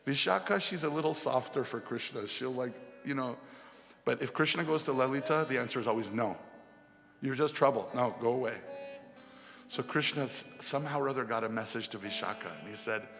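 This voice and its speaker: A man retelling a devotional story in a casual, animated way to a festival gathering. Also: medium pitch, fast talker, gravelly. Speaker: spiritual storyteller. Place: festival hall. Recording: long hall reverb, faint music.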